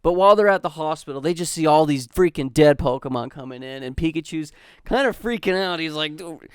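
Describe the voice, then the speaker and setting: A man's voice: fairly high pitch, animated, a little fast, smooth, dry recording, studio quality. A man co-hosting a casual podcast, summarizing episodes in a laid-back way with casual swearing. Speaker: podcast co-host. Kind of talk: casual recap chat.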